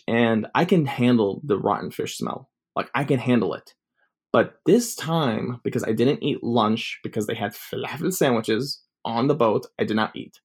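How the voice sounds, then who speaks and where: A young man telling a personal story in a casual, rambling way, full of filler words. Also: medium pitch. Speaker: vlogger.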